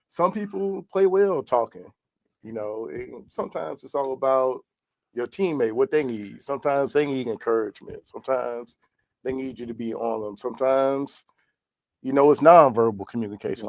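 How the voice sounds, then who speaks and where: A man's voice: mid-range voice, creaky, dry recording. A man in a casual podcast chat, thinking aloud with many fillers. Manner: reflective, filler-heavy talk.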